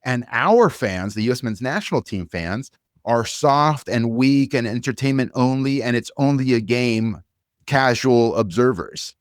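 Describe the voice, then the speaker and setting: A man's voice: medium pitch, lively intonation, unhurried, no room sound, clean studio sound. A male podcast co-host ranting with blunt, profane fervor. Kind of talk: heated opinion rant.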